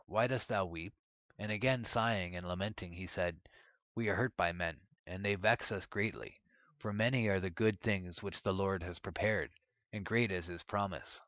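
A man reading an ancient religious text aloud in a measured, solemn way. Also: lowish voice, a bit bright, no echo, muffled recording. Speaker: narrator.

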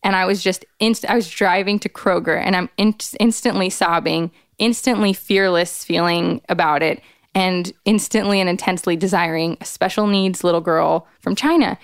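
Smooth-voiced woman telling a story animatedly. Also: moderate pace, no echo, clean studio sound. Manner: animated, acts out quoted voices with big jumps in pitch; frequent "like" fillers, earnest and expressive. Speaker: podcast guest, author. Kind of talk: candid storytelling in a conversation.

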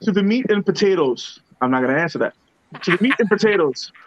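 High-voiced man ranting on a podcast. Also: lively intonation, fast, a little hiss or hum. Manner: profane, ranting, heated. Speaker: podcast co-host. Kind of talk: casual podcast rant. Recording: dull, dry lo-fi sound.

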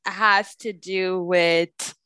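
A woman from Cameroon, a podcast guest, speaking thoughtfully and pausing to search for words. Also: fairly low pitch, fairly even intonation, sharp tone, smooth, dry recording. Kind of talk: casual podcast interview.

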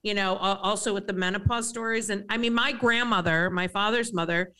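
A woman's voice: mid-range voice, fairly even intonation, a little fast, sharp tone, clean tone. A woman hosting a casual conversation, chatty and telling stories with easy laughter. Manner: chatty, storytelling, laughs often. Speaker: podcast host.

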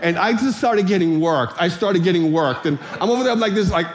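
A pastor with a high voice talks fast with few pauses as he preaches a sermon. He tells a comic story as an animated storyteller, acting out voices and shouting for comic effect.

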